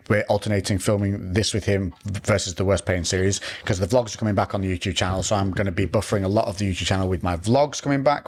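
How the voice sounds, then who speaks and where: A man hosting a podcast, chatting casually, teasing his co-host and laughing often. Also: lowish voice.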